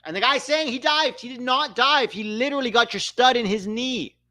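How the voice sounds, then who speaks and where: A young man calling a match live for a watch-along, animated and quick to swear at the referee. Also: extremely high pitch, dry recording. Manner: animated, swears when riled, calls the play.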